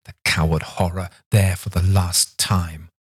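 A man's voice: sits low, level tone, a little slow, husky. A man voicing an anguished, fiercely protective woman governess in a storybook reading, with urgent, rising exclamations.

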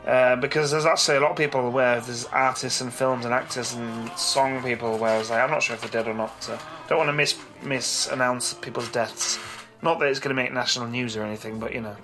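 A man's voice: mid-range voice, fairly even intonation, brisk, music in the background. A man in his thirties co-hosting a podcast, chatting casually, blunt, jokey and swearing freely. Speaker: podcast co-host. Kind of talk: casual chat.

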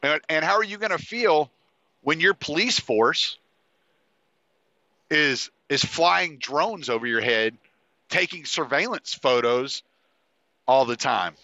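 Man, podcast host, rambling, swearing, congested, bright tone, dry lo-fi sound. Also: fairly high pitch, animated, takes it slowly, long pauses, no echo. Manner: rambling, profane, with frequent fillers and restarts. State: congested, sniffly. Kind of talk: casual monologue.

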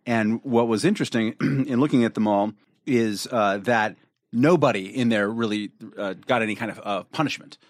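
A man co-hosting a podcast in casual panel discussion, halting with frequent fillers. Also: on the low side, no echo, clean studio sound. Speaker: podcast co-host.

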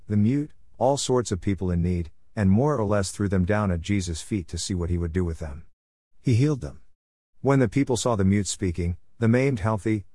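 A man reading Bible passages aloud in a steady scripted way, calling out the verse numbers as he goes. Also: on the low side, dry recording, studio quality. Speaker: Bible reader.

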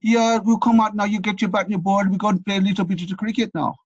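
A cheeky teenage Jamaican boy calls out with a bright, sing-song Jamaican accent, as an older man puts him on. The voice sits well above the man's own and comes out loud and lively. The recording is dull and dry. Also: high-pitched, fast, breathy edge, dry recording, voice pushed up. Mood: cheeky, inviting. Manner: playful, sing-song impression.

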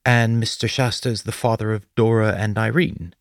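A man voicing a stiff, expressionless male school counselor who talks in a flat, formal way. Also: lowish voice, normal speed, gravelly, dry recording, clean studio sound, voice pushed up. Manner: flat, formal, unsettlingly calm.

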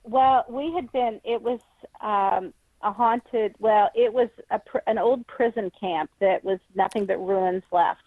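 A woman author and paranormal researcher, a guest in an interview, telling her story in an earnest, measured way. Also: mid-range voice, dry recording. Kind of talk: interview answers. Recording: tinny phone line.

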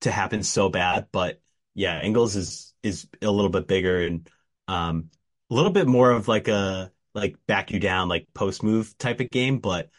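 A man co-hosts a casual sports podcast and talks through his views in a steady, thoughtful way. His voice sits somewhat low. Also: normal speed. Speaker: podcast co-host.

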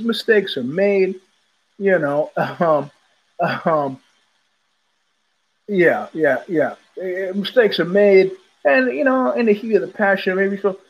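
A New York man hosts a podcast, delivering a casual, digressive monologue packed with tangents and restarts. His voice is high-pitched with a breathy edge, and the recording's highs are cut off.

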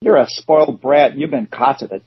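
A man co-hosting a casual chat show, talking in a hesitant, halting way with frequent restarts. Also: medium pitch, breathy edge, no echo. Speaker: co-host. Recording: dull dry lo-fi recording.

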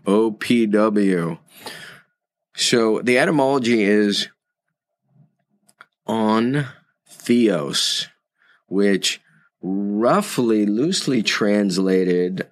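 A man leading a recorded course lesson, unhurried and reflective, fond of quotes and word origins. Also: lowish voice, dry recording, studio quality. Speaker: course instructor.

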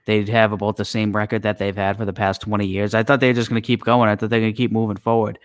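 A man's voice: on the low side, level tone, quick pace, no echo, clean studio sound. A man co-hosting a sports podcast, speaking in a casual, plainspoken way. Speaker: podcast co-host.

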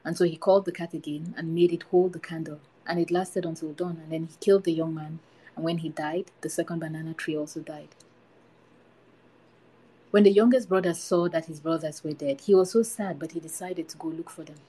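A woman hosting a podcast, reading a folktale aloud in a steady storytelling manner. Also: on the low side, brisk, husky, poor audio. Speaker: podcast host.

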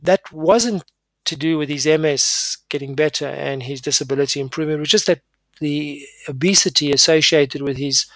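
A middle-aged man, a neurologist, explaining in a measured monologue, with frequent fillers and self-corrections. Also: on the high side, a bit bright, dry recording.

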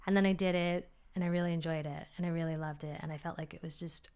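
A woman's voice: fairly low pitch, steady tone, quick pace, hardly any pauses, a little mellow, clear, resonant tone. A woman hosting her own podcast as a personal trainer, chatty and upbeat, acting out her inner voices as she talks. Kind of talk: solo podcast talk.

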